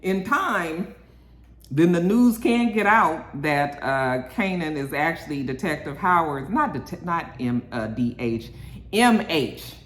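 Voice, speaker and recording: Woman reviewer, low voice, chatty recap, echoey room. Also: slow pace. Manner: animated, swaps into high voices for characters, frequent "okay?". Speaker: TV episode reviewer. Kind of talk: casual recap with acted-out quotes.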